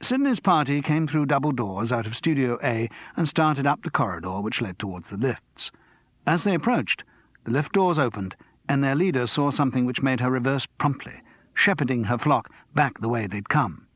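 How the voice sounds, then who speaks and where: A man narrating an audiobook in an expressive, lively storytelling manner. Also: mid-range voice, moderate pace, no room sound. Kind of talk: scripted narration.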